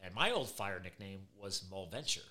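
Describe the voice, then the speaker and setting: A man's voice: low-pitched, moderate pace. A middle-aged man hosting a podcast, chatting casually and telling stories with energy and laughter. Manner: energetic, animated storytelling with laughs. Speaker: podcast host.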